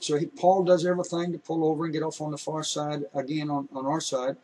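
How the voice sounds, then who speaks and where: A man's voice: on the high side, quick pace, few pauses, slightly rough, recorded from a distance, rough recording. A man telling a personal testimony in a folksy, repetitive way. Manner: folksy, repetitive, building excitement. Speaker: storyteller.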